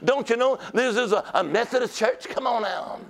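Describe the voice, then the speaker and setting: A man voicing a stuffy church crowd that hushes someone in a fussy, scolding way. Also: extremely high pitch, normal speed, creaky. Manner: fussy, hushing.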